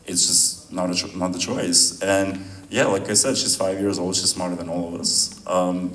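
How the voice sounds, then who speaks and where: A man, a filmmaker, answering audience questions after a screening in a relaxed, rambling way with frequent laughs. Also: deep voice, normal speed. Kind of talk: post-screening Q&A. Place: venue hall at a screening. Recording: roomy sound from a distant mic, faint noise.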